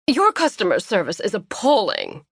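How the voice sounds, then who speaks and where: A woman's voice: medium pitch, huge pitch swings, normal speed, creaky, no echo, studio quality, heavily acted. A woman voicing a snooty, disdainful rich woman in her forties, with a sniffy, haughty manner in an audiobook.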